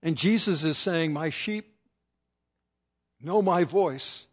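A man's voice: fairly high pitch, slow, slightly rough, lo-fi sound. An older man preaching a sermon, telling stories and quoting scripture with rising emphasis. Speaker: pastor.

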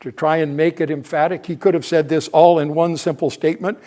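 Brisk and flat in delivery, an older man's slightly high, dark voice carries his expository teaching on a Bible passage, full of thinking aloud, restarts, and self-corrections.

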